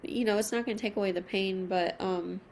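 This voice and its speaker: Emotional, soft-spoken woman tarot reader. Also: medium pitch, fairly even intonation, gravelly, a little hiss or hum. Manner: soft, emotional, reassuring, slow at card pulls. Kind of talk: intimate tarot reading to camera.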